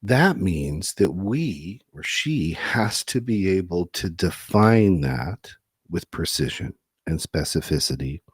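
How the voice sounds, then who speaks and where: Husky low-voiced man telling stories. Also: takes it slowly, no room sound, clean studio sound. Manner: animated, laughing easily. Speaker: podcast host and couples therapist. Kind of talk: conversational storytelling.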